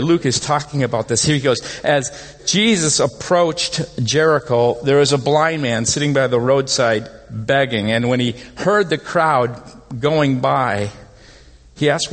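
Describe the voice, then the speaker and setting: A man preaching a sermon as pastor, animated and conversational, often rising in pitch to stress a point. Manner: animated, rises in pitch when making points. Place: church sanctuary. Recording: long hall reverb.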